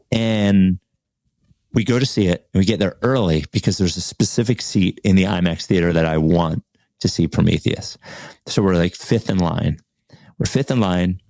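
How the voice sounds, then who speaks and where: A man's voice: low voice, a little mellow, no echo, studio quality. A man co-hosting a casual talk show, telling a story with energy and acting out quoted arguments. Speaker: podcast co-host. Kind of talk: casual conversation.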